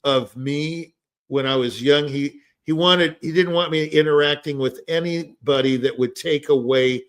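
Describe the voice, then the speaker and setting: In a relaxed discussion, an older man who hosts a podcast rambles through stories, with plenty of fillers like "you know" and frequent restarts. He speaks unhurriedly in a fairly high voice.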